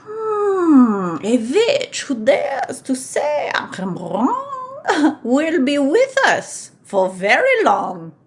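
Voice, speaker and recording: A witch queen, thick foreign accent, swooping lively pitch, slow, theatrical. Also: heavily acted. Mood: menacing, theatrical. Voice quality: exaggerated put-on foreign accent. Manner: theatrical, slow menacing commands with sudden shrieks. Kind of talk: live-stream comedy impression.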